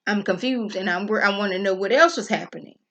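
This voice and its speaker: A woman's voice: mid-range voice, a little fast, fairly bright tone, dull audio, slight background noise. A woman reviewing a TV episode in a casual, chatty vlog, talking straight to her viewers and acting out the characters' lines as she retells the scenes.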